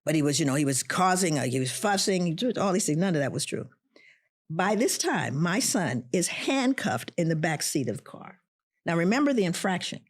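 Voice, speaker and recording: Guest spot: middle-aged woman, husky, lowish voice, lively storyteller. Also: fairly quick. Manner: animated, voices the people in her story. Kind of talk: personal storytelling.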